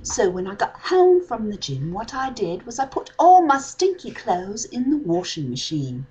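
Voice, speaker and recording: A woman's voice: mid-range voice, very animated, normal speed, dark tone, breathy edge, low-quality recording. Woman in a playful put-on British accent. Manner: playful, chatty, savoring. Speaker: vlog host. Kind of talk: casual home vlog. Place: home.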